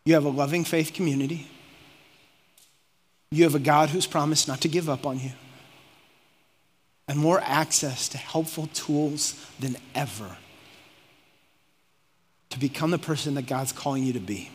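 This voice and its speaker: A male pastor preaching a sermon, moving from calm teaching to fervent exhortation and voicing imagined conversations. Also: fairly high pitch, a little slow, pauses often, slightly rough. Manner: preaching with rising intensity, acts out quoted speech. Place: church auditorium. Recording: long reverb of a large hall.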